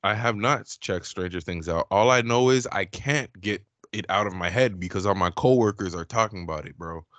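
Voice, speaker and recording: Low-voiced laid-back podcast host. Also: male voice, brisk, few pauses, fairly bright tone, no room sound. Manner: laid-back and joking, with slang like "man", "bro" and "yous". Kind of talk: casual chat.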